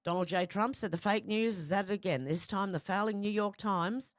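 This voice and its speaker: A woman's voice: mid-range voice, a little fast, no room sound. Woman host, casual news commentary, reads posts aloud, wry asides, stumbles over words, dry close sound. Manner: chatty and wry, laughs at stories; stumbles and restarts while reading.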